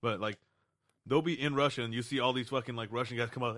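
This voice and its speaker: A man's voice: mid-range voice, steady tone, fast, fairly bright tone. A young man in casual podcast chat, telling rambling, profane stories. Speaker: podcast co-host.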